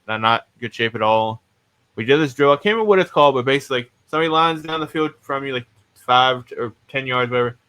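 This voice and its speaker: A podcast host with a mid-range voice and sharp tone tells stories in a casual, rambling way, mocking himself and swearing freely.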